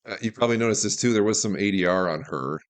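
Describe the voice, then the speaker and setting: This guest is a filmmaker from Alaska with a fairly low voice and a quick pace, interviewed casually on a podcast. Opinionated and candid, he recounts behind-the-scenes anecdotes.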